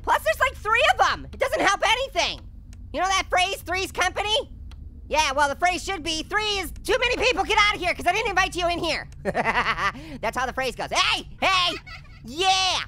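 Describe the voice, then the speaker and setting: Squeaky talking orange, piercing high pitch, lively swoops, punning, jumpy, gaming host. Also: male voice, moderate pace, slight background noise, full character voice. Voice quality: squeaky, sped-up cartoon voice. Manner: punning, jumpy, giggly, yelps at scares. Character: hyper, wisecracking male talking orange. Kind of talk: comedic let's-play commentary.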